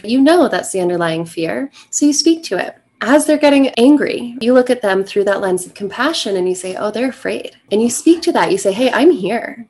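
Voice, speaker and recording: A woman's voice: medium pitch, a little mellow, a little hiss or hum. A middle-aged woman, a relationship coach, giving earnest, encouraging advice straight to the viewer. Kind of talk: direct-to-camera advice talk.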